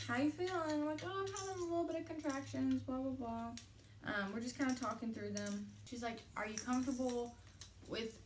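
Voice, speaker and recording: A young woman vlogger telling a personal story casually, chatty and animated, acting out quoted conversations with lots of "like". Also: medium pitch, echoey room, slight background noise.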